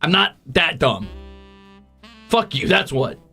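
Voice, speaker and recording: A male streamer with a bright, high voice that leaps around in pitch. He swears freely and teases his viewers in mock-grumpy banter while thanking them, and faint music plays under him. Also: big pitch swings, slow pace, slightly rough. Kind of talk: casual livestream chat, reading donations.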